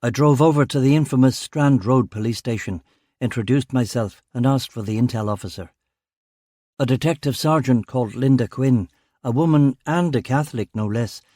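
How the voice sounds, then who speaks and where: Male thriller narrator, measured and grave, warm low tone, dry close recording. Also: no echo. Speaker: audiobook narrator. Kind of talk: scripted narration of a crime thriller.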